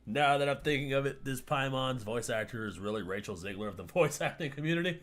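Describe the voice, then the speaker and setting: A man hosting a live reaction stream, ranting loudly, swearing and laughing as he talks. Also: medium pitch, animated, fast talker, soft background music. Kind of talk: casual reaction stream commentary.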